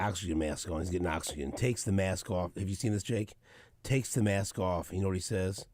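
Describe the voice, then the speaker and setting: Hosting a sports radio talk show, a man with a low voice tells stories in a relaxed way, animatedly acting out what players said. The recording has no echo.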